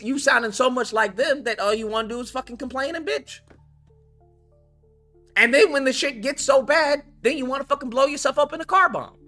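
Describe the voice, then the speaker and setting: A man delivers a heated commentary rant, profane and mocking. His pitch swings widely from low grumbles to high jabs, giving the talk a lively, animated bounce. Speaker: channel host.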